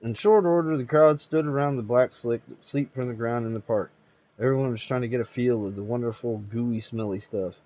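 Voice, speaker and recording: A man hosting and reading a horror story aloud, steady with occasional slips and restarts. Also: mid-range voice, a little fast, muffled recording. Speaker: host and storyteller.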